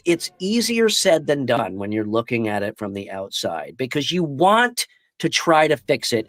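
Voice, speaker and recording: A man's voice: on the high side, fairly bright tone, dry recording. A man co-hosting a tabletop gaming podcast, arguing passionately and swearing a lot in casual discussion. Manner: impassioned and profane, lots of swearing. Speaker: podcast co-host.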